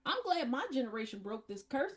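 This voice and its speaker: A woman with a husky, slightly breathy voice tells family stories in a casual chat. She sits a little above the usual pitch and swings widely up and down. She is blunt, profane and mocking. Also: sing-song, fairly quick. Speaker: podcast host.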